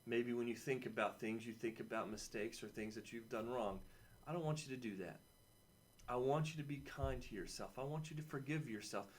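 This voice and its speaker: A man's voice: medium pitch, a little fast, a little hiss or hum. A man teaching a weekly video lesson to children, chatting and encouraging, repeating key phrases and adding playful asides. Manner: playful asides and personal stories. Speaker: camp teacher.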